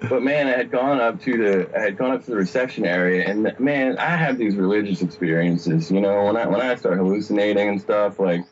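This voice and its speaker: A man's voice: fairly low pitch, a little fast, few pauses, dull audio, slight background noise. Rambling, laughing, cursing young man. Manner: rambling, profane, laughing often. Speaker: guest storyteller. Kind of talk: casual storytelling chat.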